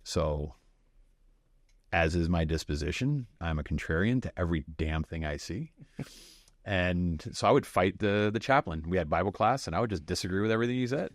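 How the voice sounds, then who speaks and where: A man's voice: low voice, moderate pace, no room sound. A man in his forties from Miami, a podcast guest telling candid stories and acting out the people in them. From Miami, United States. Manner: animated storyteller who acts out quoted people and laughs often. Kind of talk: candid storytelling interview.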